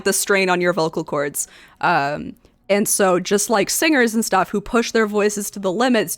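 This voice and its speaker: A young woman streamer chatting casually as she reads and reacts to forum posts, full of ums and likes and quick laughs. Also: mid-range voice, dry recording. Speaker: streamer and host.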